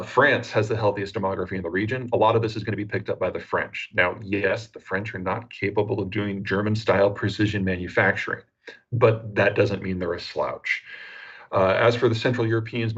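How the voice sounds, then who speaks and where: A man with an American accent, a geopolitical analyst giving measured, analytical interview answers with frequent "uh" fillers. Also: lowish voice, slightly rough, highs cut off.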